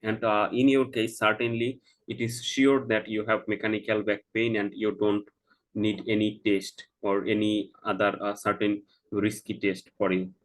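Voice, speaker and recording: Man doing the doctor in a practice consult, lowish voice, lots of uhs, keeps asking do you get me. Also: little pitch movement, poor audio. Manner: halting, heavy "uh" fillers, slow explaining; checks understanding with "Do you get me?". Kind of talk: mock doctor-patient role-play.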